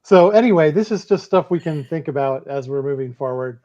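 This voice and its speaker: A man as game master explaining rules in a relaxed, hesitant way with many fillers. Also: fairly high pitch, a little fast, muffled recording.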